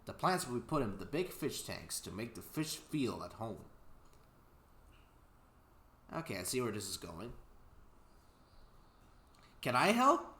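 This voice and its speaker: A man's voice: fairly low pitch, expressive, normal speed, pauses often, fairly bright tone, roomy sound. A young man casually reading a children's story aloud with stumbles and restarts while co-hosting a game let's play.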